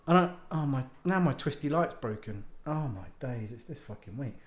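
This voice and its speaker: A man's voice: a little high, lively intonation, fairly quick, hardly any pauses, reverberant. A man hosting a podcast, telling a rambling, sweary story and laughing often in exasperation. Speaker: podcast host and author. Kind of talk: rambling casual monologue.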